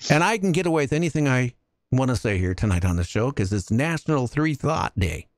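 A man hosting a casual talk radio show, telling jokey stories with lively energy. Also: medium pitch, fairly quick, no room sound, studio quality. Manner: animated storytelling, jokey.

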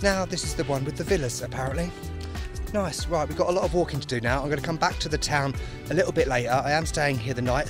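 A man talking casually in a walking travel vlog, chatty, self-mocking and enthusiastic, outdoors. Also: fairly high pitch. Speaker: travel vlogger. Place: outdoors in a spa town street.

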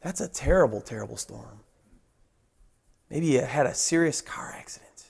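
A man preaching a sermon as pastor, swinging from raised, emphatic lines to hushed ones and repeating phrases for emphasis. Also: mid-range voice, expressive, normal speed, creaky, slightly rough.

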